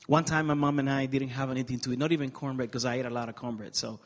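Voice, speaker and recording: A man's voice: medium pitch, fairly even intonation, fast. Earnest man. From Dominican Republic. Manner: earnest, emotional storytelling with light humor. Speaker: guest speaker. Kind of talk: personal testimony interview.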